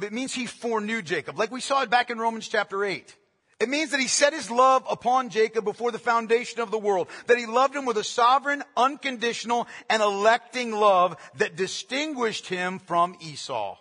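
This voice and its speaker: A man's voice: sits high, pushed and bright, breathy edge, in a large hall. A man preaching a sermon as pastor, earnest and emphatic, repeating his key phrases for stress.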